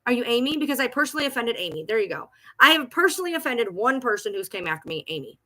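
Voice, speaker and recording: A woman's voice: a little high, very animated, quick pace, pushed and bright. A woman at home ranting on a livestream, agitated and profane, repeating herself as she talks back to critics. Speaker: TikTok creator. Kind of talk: livestream rant.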